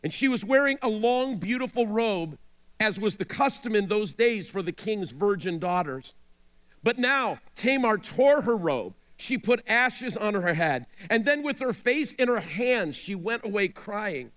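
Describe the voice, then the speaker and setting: A male pastor preaches in a high voice that swings up and down with strong animation. He tells the scripture story dramatically and breaks off now and then to speak straight to his listeners. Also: expressive, measured pace, fairly bright tone. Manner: dramatic storytelling, asides to the audience. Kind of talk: sermon.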